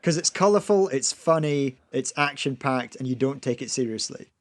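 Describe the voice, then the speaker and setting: A man's voice: mid-range voice, expressive, moderate pace. Chatty male podcast co-host. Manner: chatty, laughs often, repeats words as he restarts. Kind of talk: casual podcast chat.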